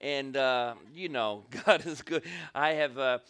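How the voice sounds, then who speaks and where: A man's voice: medium pitch, measured pace, a bit bright, clear, resonant tone. A man, a guest pastor opening his sermon in a church, calling for amens from the congregation. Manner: call-and-response, asks for amens. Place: church sanctuary.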